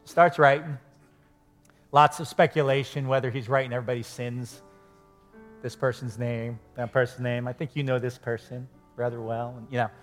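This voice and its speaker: Earnest male pastor preaching over soft music. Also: mid-range voice. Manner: earnest, rises to emphatic then softens to hushed prayer. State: choked up with emotion. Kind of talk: sermon.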